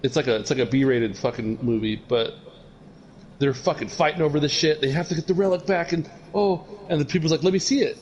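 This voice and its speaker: A man's voice: on the high side, a little fast, a little hiss or hum, low-quality recording. A man streaming live, chatting casually and telling rambling, profanity-laced stories. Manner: rambling, profane, animated storytelling. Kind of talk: casual chat.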